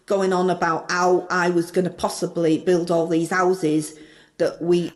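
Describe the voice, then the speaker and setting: A woman's voice: lowish voice, level tone, unhurried, lightly acted. A woman with a Northern English accent playing a brash, chirpy parody of a female politician, telling a cheeky, self-mocking story in a comedy sketch.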